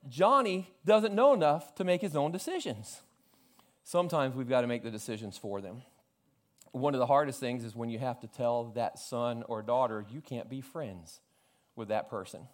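A man in his forties from South Florida preaching a sermon, telling funny family stories and quoting his father with lively acted lines. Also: medium pitch, normal speed. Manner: storytelling with humor, animated quoting of family. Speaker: pastor.

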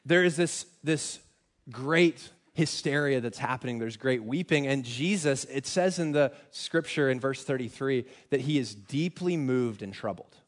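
A young man preaching a sermon in a conversational, self-deprecating way, with frequent restarts. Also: a little high. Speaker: pastor.

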